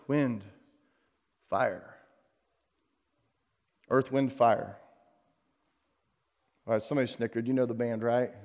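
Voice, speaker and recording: A male pastor preaching a sermon on stage, animated and jokey, swinging between loud emphasis and hushed tones. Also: fairly high pitch, long reverb tail. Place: church stage before a congregation.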